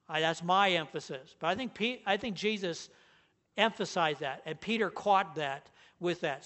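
Male pastor, high-pitched, emphatic sermon delivery. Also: fairly bright tone. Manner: earnest, emphatic, stresses key words.

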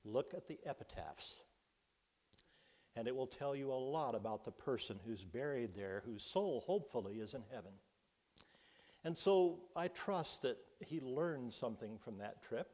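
A middle-aged man preaching a sermon, slow and emphatic, with sudden loud rises for emphasis. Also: mid-range voice, animated. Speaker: pastor.

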